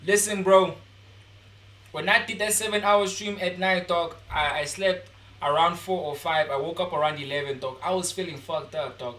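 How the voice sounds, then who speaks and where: Brief: casual male streamer, higher voice, slangy, heard from off-mic in a reverberant room. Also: fairly even intonation, normal speed, sharp tone. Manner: slangy, keeps saying bro and dog. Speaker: streamer reacting live. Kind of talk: casual live-stream chat. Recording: echoey room, distant mic.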